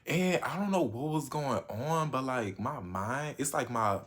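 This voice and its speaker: Animated young man telling a story. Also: unhurried. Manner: animated, slangy, with sudden jumps in pitch and loudness. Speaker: vlogger. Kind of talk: casual storytime chat.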